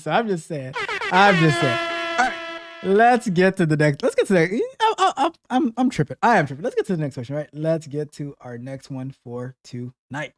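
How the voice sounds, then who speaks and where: A man's voice: fairly high pitch, big pitch swings, a little fast, noisy background. A man hosting a live call-in tech show, chatting casually and jokingly, often repeating his phrases. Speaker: host.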